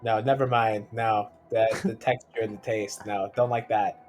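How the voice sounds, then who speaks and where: Lowish guy in a tabletop game, short offhand comments, faint music behind. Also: flat delivery, moderate pace, a little mellow. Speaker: player. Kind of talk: casual tabletop play.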